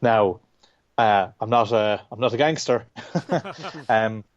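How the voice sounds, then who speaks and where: Irish guest in his thirties: relaxed, rambling, salty, dry close mic. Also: lowish voice, takes it slowly, no echo, muffled recording. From Ireland. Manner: rambling, self-interrupting, swears casually. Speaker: guest comic artist. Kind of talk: casual interview chat.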